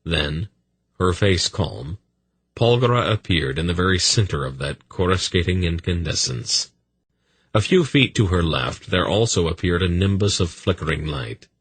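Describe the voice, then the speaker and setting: A man's voice: deep voice, animated, moderate pace, slightly rough, dry recording. A man narrating an audiobook with intense, dramatic storytelling.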